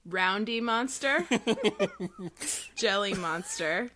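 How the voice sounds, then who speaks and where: A woman's voice: medium pitch, animated, very slow, sharp tone, slight background noise. A woman co-hosting a podcast, chatting casually, rambling and giggling as she reads aloud. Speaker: podcast co-host. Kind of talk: casual chat.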